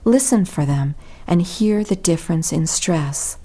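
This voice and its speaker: Slow, mellow-voiced woman teaching pronunciation. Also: lowish voice, lively intonation. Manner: slow, deliberate reading with careful stress on words. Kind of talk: scripted lesson narration.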